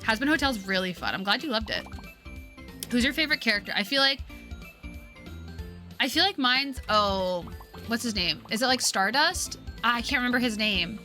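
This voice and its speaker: A young woman streamer chats and giggles her way through a game, her voice bright and crisp. Her pitch swings all over the place as she talks, and faint music plays under her. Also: moderate pace, pauses often. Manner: lively, giggly, high customer-service voice. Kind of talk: casual chat while gaming.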